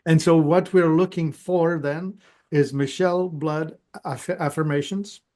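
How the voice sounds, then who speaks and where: A man hosting a podcast, asking curious questions and explaining points slowly and carefully. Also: on the high side, steady tone, a little mellow. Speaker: podcast host. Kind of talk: casual interview chat.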